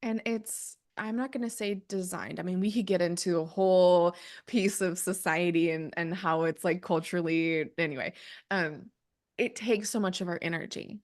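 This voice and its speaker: A woman's voice: fairly low pitch, steady tone, moderate pace. A woman talking earnestly as a podcast guest, thinking aloud, going off on tangents and correcting herself. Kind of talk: conversational podcast interview.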